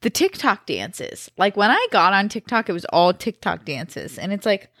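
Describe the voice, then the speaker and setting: A woman's voice: mid-range voice, moderate pace, no room sound, studio quality. A young woman co-hosting a podcast, chatting casually and cracking jokes from her living room. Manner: animated, jokey, quips to her co-host. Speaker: podcast co-host. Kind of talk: casual chat.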